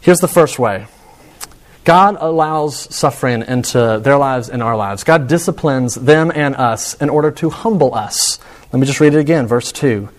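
A man's voice: medium pitch, normal speed. A young man preaching a sermon in an earnest way, asking rhetorical questions and often restarting his sentences. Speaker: pastor.

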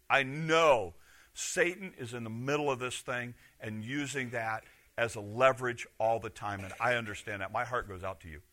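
A middle-aged man, a pastor, preaching a sermon with emphatic rhetorical questions that swing from loud to hushed. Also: medium pitch.

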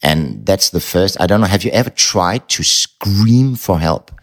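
A man's voice: low voice, animated, a little slow. A middle-aged man, a novelist telling a personal story in an interview, blunt and candid, swearing casually.

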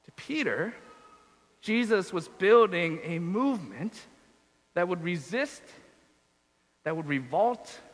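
A man's voice: high-pitched, expressive, slow, long pauses, long reverb tail, low-quality recording. A man giving a reflective sermon, asking questions and repeating phrases. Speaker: preacher.

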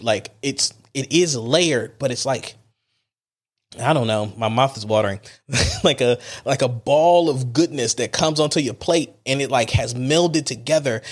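A male podcast host talking straight to his listeners in a loose, casual monologue. He is animated and emphatic, full of slang and asides. His voice sits at an ordinary pitch for a man.

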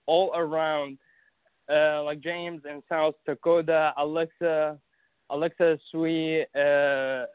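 Halting man on a tinny line. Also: a little high, clean tone, dry recording. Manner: halting, many restarts and fillers. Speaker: guest recounting an event. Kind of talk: casual conversation.

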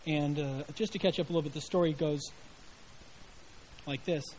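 A man's voice: fairly high pitch, steady tone, normal speed, darkish tone, rough recording. Conversational middle-aged male preacher, faint hiss. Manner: conversational, acts out quoted voices with inflection. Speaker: pastor. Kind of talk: sermon.

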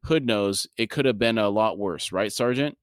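A man voicing a gruff, weary male soldier-healer who talks in a low mutter. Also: normal speed, no echo, studio quality, natural voice.

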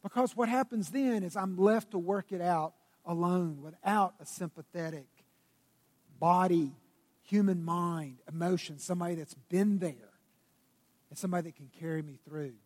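A man preaching a sermon as pastor, swinging between loud bursts and hushed, intimate tones. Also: high voice, moderate pace. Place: church sanctuary. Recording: long reverb of a church hall.

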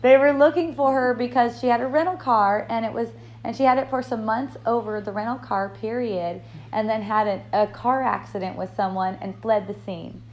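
A woman's voice: on the high side, steady tone, moderate pace, a little mellow, lo-fi sound. A woman hosting an online dialogue group, telling a personal story in a casual, rambling way, upbeat and effusive with frequent restarts. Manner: rambling, laughs often, many restarts.

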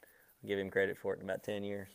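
A man preaching a sermon with a somewhat low voice. He talks straight to his listeners in an easy, conversational way. He slows and swells on the key words, then drops quiet for asides. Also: completely flat delivery, creaky, clear, resonant tone. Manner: conversational, speaks directly to listeners.

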